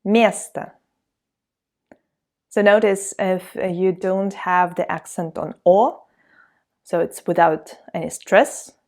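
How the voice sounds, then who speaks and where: Slow, encouraging Russian woman teaching. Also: on the low side, steady tone, a little mellow. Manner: patient, encouraging, reads words slowly for repetition. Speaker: language teacher. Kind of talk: online language lesson.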